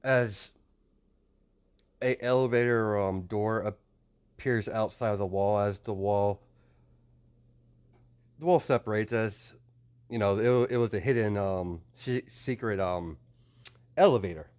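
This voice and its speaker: A man's voice: fairly low pitch, slow pace, pauses often, darkish tone, clean tone. A man improvising a fan story narration, rambling and hesitant with many restarts.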